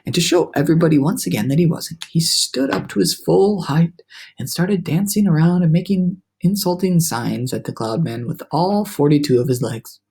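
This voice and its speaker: Gravelly man reading a storybook. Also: on the high side, moderate pace. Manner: lively, animated storytelling with small restarts. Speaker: reader. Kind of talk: reading a children's novel aloud.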